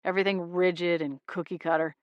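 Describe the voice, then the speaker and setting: A woman's voice: little pitch movement, a little fast, no room sound, dull audio, lightly acted. A woman reading the part of an easygoing young man who works as an investigator and dislikes rules. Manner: easygoing, gruff and low on the phone. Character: laid-back young man, a rule-dodging investigator.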